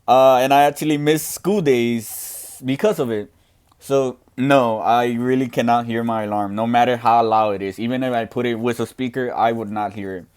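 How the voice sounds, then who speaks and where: A young deaf man speaking loudly and earnestly in a casual question-and-answer talk, with frequent restarts. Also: mid-range voice, fairly even intonation, normal speed, clear, resonant tone. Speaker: student podcaster answering questions.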